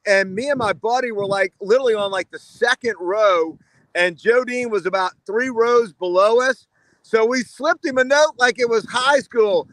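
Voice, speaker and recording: A man's voice: sits high, a bit bright, no echo, rough recording. A man on a sports roundtable, telling stories with enthusiasm and lots of fillers. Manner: enthusiastic storyteller with many fillers. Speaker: panelist. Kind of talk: casual roundtable chat.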